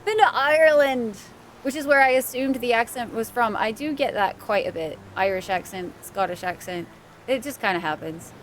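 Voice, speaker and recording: This woman's fairly high voice comes at normal speed, with slight background noise and faint game music. She streams a game while chatting casually, thanking viewers by name and laughing easily.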